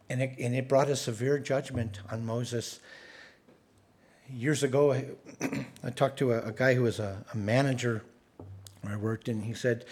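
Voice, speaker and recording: Guy preaching, husky voice, chatty and sarcastic, gets loud on scripture. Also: mid-range voice, normal speed. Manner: conversational, sarcastic asides, rising loud when reading scripture. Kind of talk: sermon.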